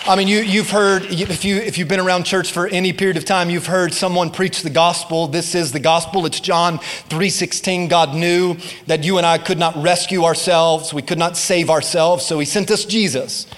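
A man's voice: sits high, a bit bright. A man preaching a sermon as pastor, calling out to the congregation for responses and rising to emphatic bursts. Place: church sanctuary. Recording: reverberant church hall.

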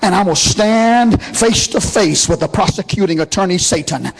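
Preacher voicing Jesus, earnest pleading son. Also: male voice, sits high, moderate pace, vocal fry, slightly rough, pitched above the performer's own voice, exaggerated voice. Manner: earnest, repeating "Daddy" in pleading tones. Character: Jesus, grown son pleading to his father.

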